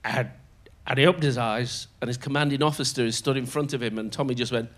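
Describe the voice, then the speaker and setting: An older man telling show-business anecdotes as a guest on stage, animated and often laughing as he slips into other people's voices. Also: mid-range voice, fast talker. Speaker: comedian guest. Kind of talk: storytelling anecdotes in conversation. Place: on stage in a theatre before a live audience.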